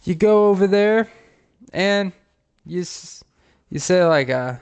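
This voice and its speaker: A man hosting a podcast who tells comic scenarios in a rambling, profane way, with pauses and "um"s. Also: high-pitched, lively intonation, clean tone. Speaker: podcast host. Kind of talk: comic storytelling.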